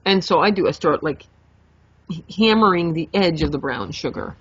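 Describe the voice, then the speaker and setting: A young adult woman co-hosting a podcast, telling a story in a lively, animated way, swearing freely and acting out her own reactions. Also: fairly low pitch, moderate pace, husky, no echo. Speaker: podcast co-host. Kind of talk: casual storytelling chat. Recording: dull lo-fi podcast mic.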